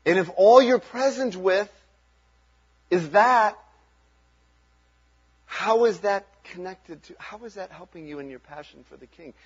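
A man's voice: high voice, unhurried, long pauses, husky, lo-fi sound. A man preaching a sermon as pastor, talking in an earnest, conversational way and chuckling between points.

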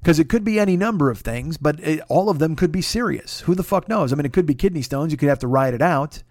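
A man's voice: a little high, lively intonation, fast, a little mellow, no echo. A man hosting a podcast, telling a rambling, profane, confessional story in a casual monologue. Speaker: podcast host.

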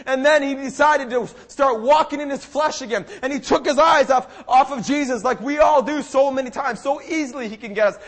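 At a church service, a young man preaches with fervor in a notably high-pitched voice. Emphatic and impassioned, he keeps returning to key phrases to drive them home.

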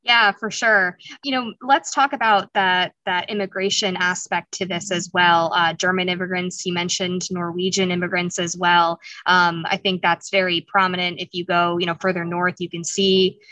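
A woman's voice: fairly low pitch, flat delivery, normal speed, few pauses, bright, forceful tone, no room sound, rough recording. A woman from Wisconsin hosting an interview, asking curious, rambling questions full of "you know".

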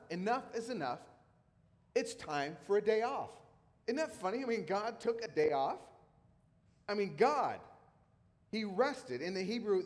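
High-voiced man preaching in a reverberant hall. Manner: conversational, emphatic repetition. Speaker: pastor. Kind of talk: sermon.

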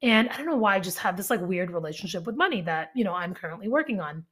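Young woman coach rambling on her podcast, lots of "like" and "you know", acts out little quotes, middle pitch. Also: fast talker, breathy edge. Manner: chatty, animated, many fillers and acted-out quotes. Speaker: podcast host and life coach. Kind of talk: casual solo podcast talk.

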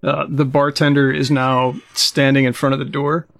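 A man narrating a tabletop game as game master, hesitant and filling pauses with um and uh. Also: medium pitch, level tone, gravelly, a bit bright, no echo. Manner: hesitant, full of fillers.

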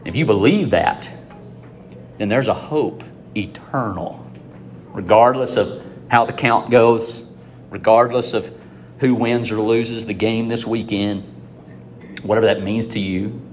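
A man giving an informal, conversational sermon to students, swinging between loud emphasis and hushed asides. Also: on the low side, steady tone, a little slow, long pauses, slight background noise. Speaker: preacher addressing students.

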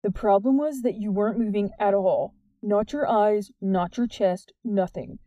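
A woman reading the part of an earnest, worried teenage boy who talks softly and sincerely in an audiobook. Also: medium pitch, unhurried, no room sound, highs cut off, lightly acted. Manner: soft, plain and sincere.

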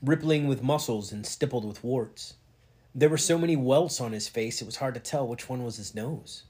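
A man reads a novel aloud at home in a relaxed, unhurried way. His voice is somewhat husky at middle pitch. He gives the characters a light touch of voice without turning it into a performance. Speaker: reader. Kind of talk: casual read-aloud of a novel.

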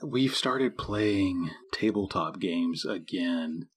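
A man's voice: deep voice, lively intonation, takes it slowly. A man co-hosting a casual movie podcast, joking around and laughing often. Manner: jokey, laughs a lot. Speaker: podcast co-host.

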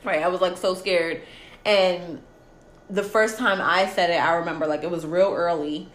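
A woman's voice: fairly low pitch, fairly even intonation, normal speed, echoey room. Laughing woman telling a love story. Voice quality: laughing, emotional storytelling, acts out quotes. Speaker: podcast guest telling her love story. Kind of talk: casual chat.

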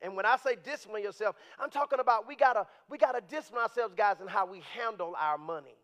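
A man preaching a sermon in a church, animated and conversational, at times rising to shouts. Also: high voice, quick pace. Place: church sanctuary. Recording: dull, lo-fi sound.

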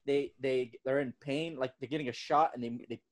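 A man's voice: medium pitch, steady tone, a little fast. A young man telling a story in casual podcast chat, laughing often, swearing freely and acting out what people said. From California. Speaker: podcast host.

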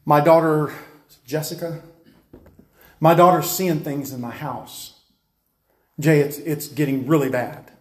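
A man's voice: fairly high pitch, fairly even intonation, takes it slowly, long pauses, darkish tone. Man voicing worried pleading mother, light voice, roomy echo. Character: frightened mother pleading for help.

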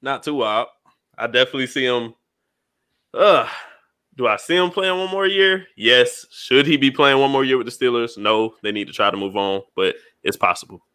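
A young man co-hosting a casual sports chat, blunt and quick to laugh. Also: mid-range voice, bright, forceful tone, smooth. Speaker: podcast co-host.

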